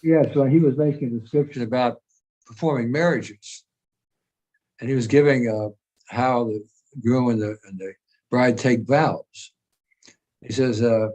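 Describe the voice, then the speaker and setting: A man's voice: mid-range voice, warm tone, poor audio. Older man telling stories on a call. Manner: measured, anecdotal storytelling. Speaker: guest speaker. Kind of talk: reminiscing conversation. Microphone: video call.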